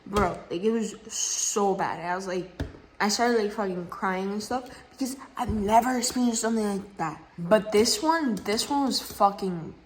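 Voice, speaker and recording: A woman's voice: medium pitch, normal speed, slight background noise. A teenage girl telling a work story in a casual vlog into her phone, heated and slangy, full of fillers and swearing. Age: teens. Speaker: vlogger. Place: at home, just woken up. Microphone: phone camera.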